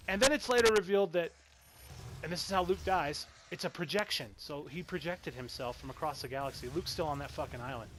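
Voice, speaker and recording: A man's voice: fairly high pitch, moderate pace, noisy background. A man in his thirties giving a casual spoken movie review, rambling and exasperated and swearing freely. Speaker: film reviewer.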